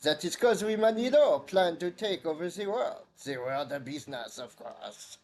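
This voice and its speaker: A man's voice: a little high, expressive, normal speed, a little mellow. A man voicing a scheming male fish-folk merchant in a video game, speaking in a put-on French accent with a sly, conspiratorial manner.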